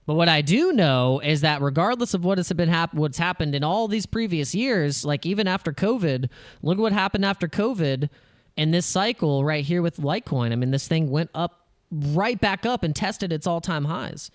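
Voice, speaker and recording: A man hosting a crypto channel, talking over charts in casual, excitable commentary and acting out panicky investor voices. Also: a little high, normal speed, dry recording, clean studio sound.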